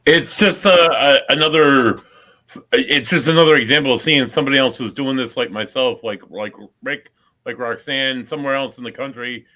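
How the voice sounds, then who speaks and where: A man co-hosting a casual chat, halting and appreciative. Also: medium pitch, pushed and bright. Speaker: co-host. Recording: dull lo-fi sound.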